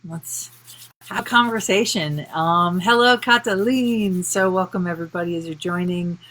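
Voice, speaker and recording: A woman's voice: on the low side, moderate pace, fairly bright tone. A young woman hosting a live stream as a body-focused coach, chatting casually with viewers, laughing and acting out worried voices. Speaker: somatic intuitive coach, live stream host.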